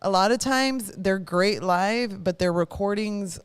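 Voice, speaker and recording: A woman's voice: mid-range voice, a little slow, clear, resonant tone. A woman hosting a live radio show, chatting casually in a rambling, self-correcting way. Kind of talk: casual chat. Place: live broadcast studio.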